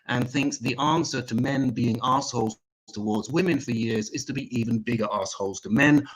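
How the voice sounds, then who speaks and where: A man doing a stand-up comedy set online, delivering crude, deadpan one-liners. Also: mid-range voice, moderate pace, breathy edge, poor audio. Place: home, online comedy show.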